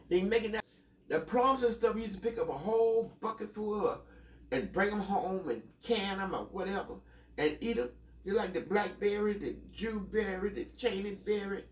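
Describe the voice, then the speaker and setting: Old guy telling stories, cussing and laughing, high voice, sounds far off in a roomy echo. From Mississippi, US South. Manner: rambling, profane, laughs often mid-story. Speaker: storyteller. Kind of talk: casual reminiscing.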